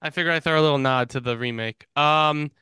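A man co-hosting a movie podcast, chatting casually and reading out film stats with quick restarts. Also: fairly high pitch, sharp tone, smooth, dry recording, clean studio sound. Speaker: podcast co-host. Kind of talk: casual chat.

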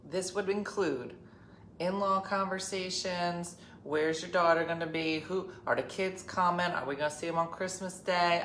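A middle-aged woman with a low, dry delivery tells a family story in casual chat, acting out each side of the argument. Her voice sits well down in pitch. The room adds a clear echo, with a faint hum of ambience behind her. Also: moderate pace. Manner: wry, deadpan storyteller who acts out quoted family arguments. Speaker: podcast host.

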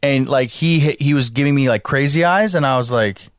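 A man co-hosting a podcast uses a smooth, mid-range voice at normal speed to tell a story in casual chat. He's animated, swears, and acts out the voices of the people in his story, all in clean studio sound with no room sound.

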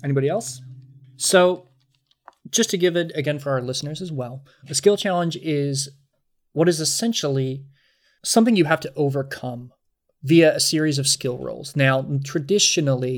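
Acting as game master for a tabletop game, a man with a mid-range voice narrates scenes descriptively and at a measured pace, dropping in small fillers.

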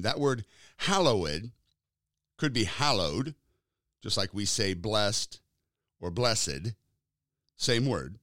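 A man hosting a sermon podcast, with a lively, sing-song opening that settles into slow, deliberate preaching. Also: fairly low pitch, no echo, clean studio sound.

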